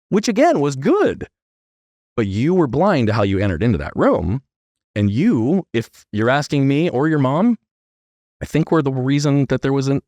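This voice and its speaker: A man's voice: mid-range voice, no echo, studio quality. A middle-aged man, a guest on a podcast, telling a family story earnestly and often checking in with "right?". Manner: earnest, animated storytelling with many "right?" tags.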